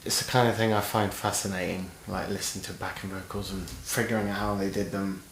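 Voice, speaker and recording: Low-voiced chatty man in an echoey room. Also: level tone, fairly quick, a bit bright, a little hiss or hum. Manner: chatty, enthusiastic, swears casually. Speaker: podcast co-host, guitarist and singer. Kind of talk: casual chat.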